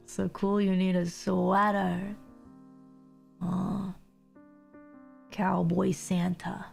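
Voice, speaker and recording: A woman's voice: on the low side, level tone, extremely slow, gravelly, long pauses, a little mellow, soft background music. A young woman streamer with a mild sore throat, chatting casually and rambling with frequent laughs. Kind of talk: casual livestream chat.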